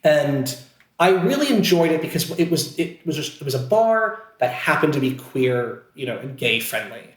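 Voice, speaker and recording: A man's voice: on the high side, big pitch swings, normal speed. A man from Pennsylvania, a podcast guest and actor, telling a story casually with lots of fillers and self-deprecating asides. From Scranton, Pennsylvania, USA. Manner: chatty and self-deprecating, many fillers and restarts. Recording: roomy, echoey sound.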